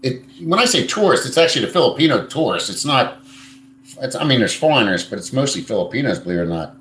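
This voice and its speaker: A man's voice: mid-range voice, sing-song, fast, a bit bright, a little hiss or hum. A man hosting a casual live stream, answering viewer comments in a blunt, crude and rambling way, swearing freely. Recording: echoey room.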